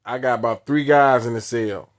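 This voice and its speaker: A man in a medium-pitched voice tells a story in casual talk. His phrasing is blunt and punchy, and he repeats lines for emphasis. He acts out the dialogue as he goes. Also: moderate pace. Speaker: storyteller recounting his past.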